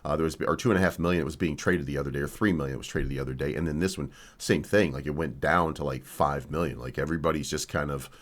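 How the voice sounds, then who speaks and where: A man's voice: a bass voice, fast, few pauses. A man hosting a crypto channel, lecturing viewers in a combative, repetitive rant. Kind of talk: casual ranting commentary.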